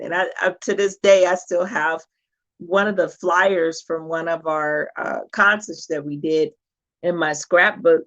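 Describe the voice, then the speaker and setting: A woman's voice: fairly low pitch, fairly even intonation, unhurried, a bit bright. A woman guest talking in an effusive, grateful way during a casual chat. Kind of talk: casual video-call chat. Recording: muffled lo-fi call audio.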